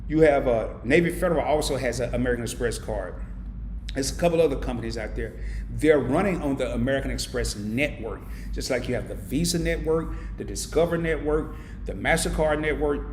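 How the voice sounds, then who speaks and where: A man's voice: mid-range voice, fairly quick, a little mellow, a little hiss or hum. A man hosting a casual live stream, reading viewer comments aloud and answering them with heartfelt thanks. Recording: echoey room.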